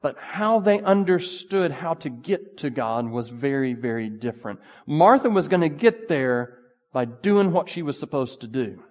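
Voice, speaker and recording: A man preaching a sermon in a relaxed, conversational way, full of asides. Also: a little high, measured pace, in a large hall. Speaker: pastor.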